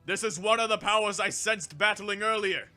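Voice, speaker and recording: A man's voice: medium pitch, moderate pace, sharp tone, faint music behind, natural voice. A man voicing a big, literal-minded male combat android in a fan audiobook, speaking in clipped, mechanical phrases. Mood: urgent.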